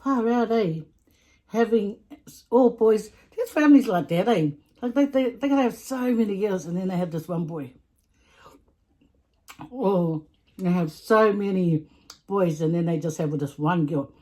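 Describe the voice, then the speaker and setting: A vlogger with a Samoan English accent eats while telling stories in a casual storytime video, talkative, laughing often, and repeating herself. Her mid-range voice is warm and expressive, and she speaks unhurriedly.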